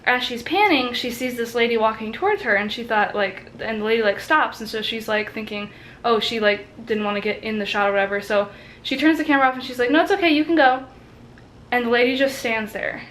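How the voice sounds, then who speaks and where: A young woman in her twenties recounts a story to a friend in a loose, filler-heavy way, acting out the lines of the people in it. Her voice sits a little high. A faint hiss runs under the recording. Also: fast, fairly bright tone, low-quality recording. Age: 20s. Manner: chatty, many "like" fillers, acts out quotes. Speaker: college student vlogger. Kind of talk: casual storytelling.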